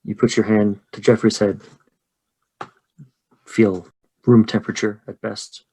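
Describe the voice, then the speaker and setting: A man's voice: fairly low pitch, level tone, breathy edge. Man narrating as game master. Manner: slow, measured description, often dropping to a quiet voice. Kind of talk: narrating a tabletop horror game.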